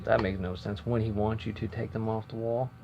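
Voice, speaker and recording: A young male vlogger rambles casually through a story from his old job, chatty and often interrupting himself. His voice is lowish, level, brisk and darkish, with vocal fry. The recording is dull and lo-fi with faint noise.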